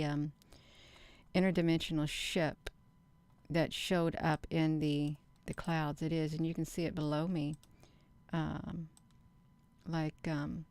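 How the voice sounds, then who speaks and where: A middle-aged woman hosting her own channel, talking slowly and earnestly to her viewers in a rambling casual monologue. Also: deep voice, a little mellow, smooth. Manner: slow, earnest, addresses viewers as "you all". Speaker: channel host.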